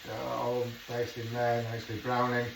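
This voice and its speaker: With a creaky, medium-pitched voice and a completely flat delivery at normal speed, a middle-aged Englishman chats casually while cooking at home for a vlog, swearing under his breath at times. He's far from the mic in a noisy, echoey kitchen.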